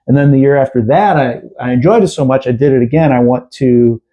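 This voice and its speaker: A man's voice: mid-range voice, brisk, highs cut off. A middle-aged man from Chicago with a Chicago accent, a podcast guest telling rambling childhood stories with many fillers. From Chicago area. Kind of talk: casual interview storytelling.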